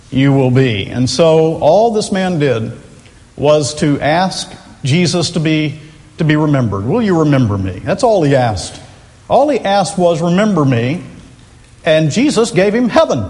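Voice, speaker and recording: A man preaching a sermon, earnest and emphatic, slowing and lifting his voice to stress key phrases. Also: on the high side, a little mellow. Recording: long reverb of a large hall.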